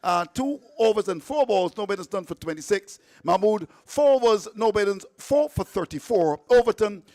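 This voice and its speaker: A man's voice: sits high, expressive, normal speed, a little mellow, no room sound. A man hosting live radio cricket commentary, chatty and playful, reading out the scorecard with stumbles.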